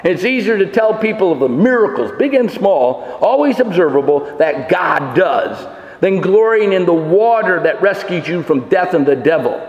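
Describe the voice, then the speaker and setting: Man preaching, high voice, emphatic with rhetorical questions, long church reverb. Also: expressive, normal speed, lo-fi sound. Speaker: pastor. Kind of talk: sermon.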